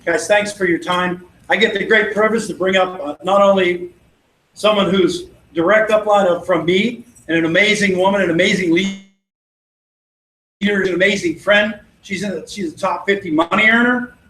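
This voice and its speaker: A man's voice: sits high, steady tone, moderate pace, fairly bright tone. A man giving a motivational sales training talk, telling stories and acting out both sides of the conversations with confidence. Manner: acts out dialogue in anecdotes, confident and persuasive. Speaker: network marketing trainer. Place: event venue. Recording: echoey room with faint noise.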